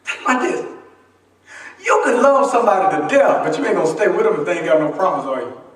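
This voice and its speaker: Fast, high and very animated, with a bit of brightness, a male pastor delivers a folksy, humorous sermon in a church sanctuary. He talks conversationally and frequently asks the congregation to finish his sentences. The sound is echoey, caught by a faraway mic.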